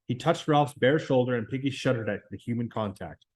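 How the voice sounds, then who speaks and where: A man reading a novel aloud in a plain, measured way. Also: mid-range voice. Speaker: reader.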